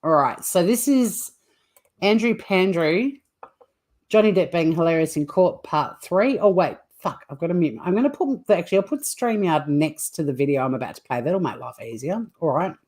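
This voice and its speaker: Low-voiced woman chatting on a livestream. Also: lively intonation, normal speed, darkish tone. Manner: rambling, chatty, swears casually. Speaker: livestream host. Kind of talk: casual chat reacting to viewer comments.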